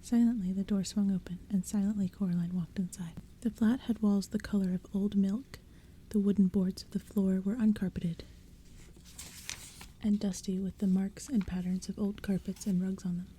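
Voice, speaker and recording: Whispered role-play storyteller: woman, hushed unvoiced whisper, very dark and mellow tone, faint rain underneath. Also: mid-range voice, fairly even intonation, moderate pace, slight background noise. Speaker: ASMR audiobook reader. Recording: faint rain sounds behind. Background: soft rain and thunder.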